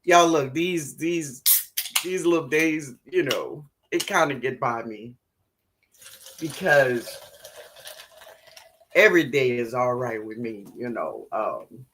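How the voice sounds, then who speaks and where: A woman's voice: very deep voice, expressive, fairly bright tone, slight background noise. A middle-aged woman hosting a gardening live stream, chatting casually with viewers and affectionately calling them baby. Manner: affectionate, calls viewers baby, unhurried drawl.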